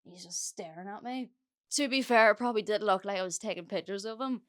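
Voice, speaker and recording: This young Irish podcaster talks briskly in a mid-range voice. Going solo, she recounts a story casually, peppering it with fillers and curse words.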